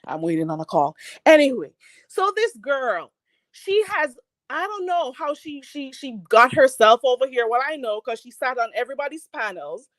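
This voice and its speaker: A woman's voice: high-pitched, sing-song, moderate pace, fairly bright tone, no echo. Heated, profane woman ranting. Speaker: YouTube commentary host. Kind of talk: ranting commentary.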